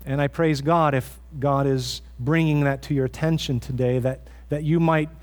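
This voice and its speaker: A man's voice: mid-range voice, fairly even intonation, moderate pace, a little mellow. A man preaching a sermon as pastor in a church, earnest and conversational, often restarting his phrases.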